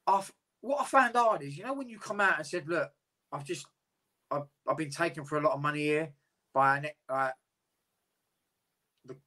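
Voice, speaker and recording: A man tells his story in a casual interview. He talks candidly and rambles, swearing freely. His voice is bright and sits a touch high. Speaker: interview guest, boxer.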